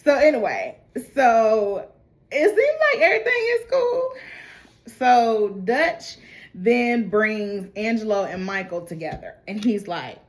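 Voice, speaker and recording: A woman casually retelling a TV episode in an animated, slangy storytelling manner. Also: mid-range voice, takes it slowly. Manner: animated, slangy, laughing asides. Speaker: TV recap host.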